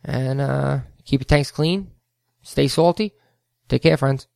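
A man hosting a podcast, who also owns a float center, slowly tells a rambling story peppered with heated asides. His medium-pitched voice is gravelly and a little mellow, captured in a clean studio with no room sound.

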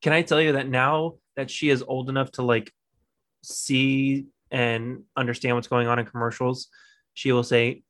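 A man's voice: mid-range voice, level tone, normal speed, a bit bright. A man co-hosting a casual podcast, a father of two who tells laid-back stories, laughs often and swears casually.

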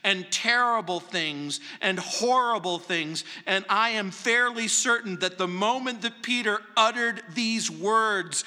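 A man preaching a sermon as pastor, emphatic and dropping to hushed tones at times. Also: high voice, unhurried, hardly any pauses, big-room sound.

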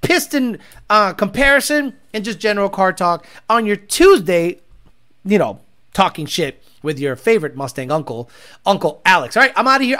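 A man hosting a casual car talk rant, profane and animated, with bursts of Spanish mixed in. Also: high voice. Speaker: car tuner and show host.

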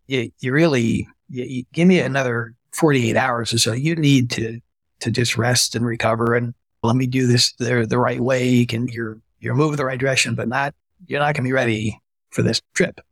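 A middle-aged man, a retired army physician, talking as a guest in an interview and telling lively stories. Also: medium pitch, moderate pace, no room sound, studio quality. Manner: animated storyteller, acts out quoted voices. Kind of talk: conversational storytelling interview.

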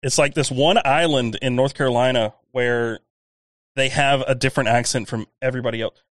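A man's voice: medium pitch, steady tone, fairly quick, dry recording. A man co-hosting a podcast in casual chat, hesitant and prone to mumbling. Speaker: podcast co-host.

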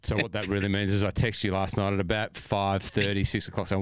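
A man's voice: fairly low pitch, monotone, fairly quick, clean tone, no room sound. A man hosting a golf podcast, chatting casually and rambling with lots of fillers and friendly banter. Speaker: podcast host. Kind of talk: casual chat.

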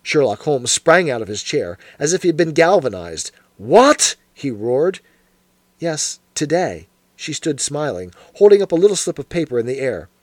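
A man narrating a classic detective story as an audiobook, measured and even. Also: fairly high pitch, no room sound. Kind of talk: scripted narration.

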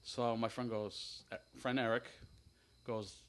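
A man's voice: fairly low pitch, steady tone, moderate pace. Nasal, rambling guy telling a story. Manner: rambling storyteller, laughs often. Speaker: podcast co-host. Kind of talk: casual banter.

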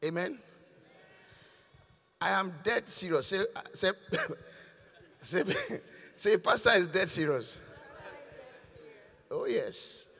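Raspy high-pitched older preacher. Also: male voice, expressive, slow pace, long pauses, bright, forceful tone. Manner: questioning and scolding the congregation. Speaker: bishop preaching. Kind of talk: sermon with call-and-response. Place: large church hall. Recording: long reverb of a church hall.

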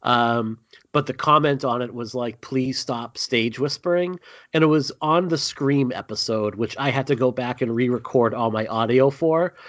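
A man's voice: mid-range voice, normal speed, fairly bright tone, dry recording, dull audio. A man hosting a horror podcast in casual chat, rambling with frequent ums, a little tired. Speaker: podcast host.

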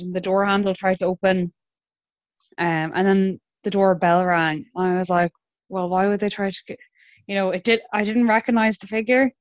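A young Irish woman in her twenties, telling her own story in a relaxed, chatty way with hesitant restarts. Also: medium pitch, dry recording. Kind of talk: conversational storytelling.

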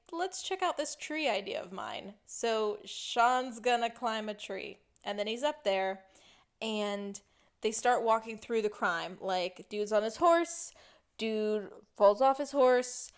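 Woman cohost doing a casual tv recap, laughs a lot, middle pitch. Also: smooth. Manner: chatty, laughs often. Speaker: podcast co-host.

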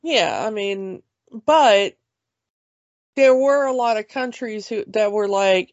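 A woman co-hosting a movie podcast talks slowly and loosely, rambling through asides and restarts. Her voice is close and dry. The audio is slightly dull. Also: medium pitch, lively intonation, dry recording. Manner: chatty, rambling with restarts and laughs. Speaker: podcast co-host. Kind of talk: casual movie chat.

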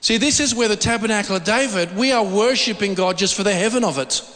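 Middle-aged male preacher, high and bright, informal, stumbles and restarts, echoing hall. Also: fast talker. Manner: informal, repeats words while searching for phrasing. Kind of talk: conversational sermon. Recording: long reverb of a large hall.

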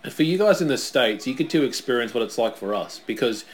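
A man's voice: mid-range voice, animated, fast talker, a little hiss or hum. A man with an Australian accent, co-hosting a wrestling watch-along, chatting and calling the moves casually. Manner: chatty, calls the action, laughs along. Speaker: co-host.

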